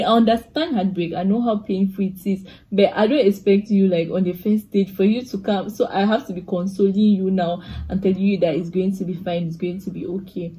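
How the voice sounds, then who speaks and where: A young woman telling a casual storytime vlog, chatty and animated, full of asides and laughs. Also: medium pitch, brisk, hardly any pauses, slightly rough. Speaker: vlogger.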